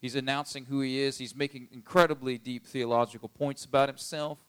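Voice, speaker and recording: A man's voice: mid-range voice, flat delivery, a little fast, a bit bright, clean tone, no echo. Chatty man retelling a Bible story. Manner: conversational, chatty retelling with fillers. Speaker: Bible teacher. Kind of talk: casual Bible teaching.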